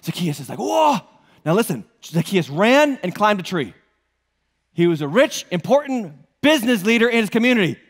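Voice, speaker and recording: A male pastor with a New England accent preaching an animated sermon, joking and throwing rhetorical questions at the congregation in a church auditorium. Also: high voice, normal speed. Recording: long hall reverb.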